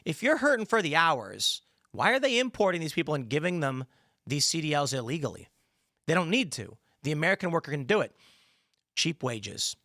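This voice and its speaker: Bright, punchy male political commentator. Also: fairly high pitch, big pitch swings, fairly quick, no echo, clean studio sound. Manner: emphatic, rambling, sarcastic asides.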